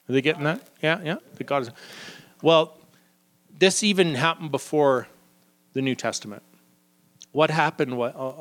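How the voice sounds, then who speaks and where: A man giving a live Bible teaching to a group in a room, lively and acting out the people he quotes. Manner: lively, acts out quoted figures with sudden pitch jumps.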